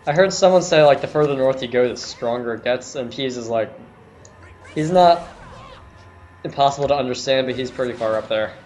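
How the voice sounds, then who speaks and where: A man's voice: medium pitch, brisk, darkish tone, a little hiss or hum. A man streaming a video game, chatting casually and commenting on his play. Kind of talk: casual chat while gaming.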